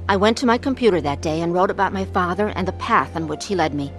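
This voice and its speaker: A woman's voice: on the low side, lively intonation, fast, soft background music, lightly acted. A woman playing a middle-aged wife in chronic pain who narrates her own story in an earnest, confessional way, in a radio drama. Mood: narrating. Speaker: narrator and main character.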